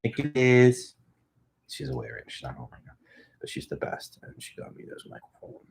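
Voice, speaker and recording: A man's voice: extremely low pitch, wildly swooping pitch, fast, vocal fry, a little hiss or hum. A man hosting a home podcast, rambling casually and swearing, talking close into a studio microphone. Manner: rambling, profane, self-mocking. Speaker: podcast host.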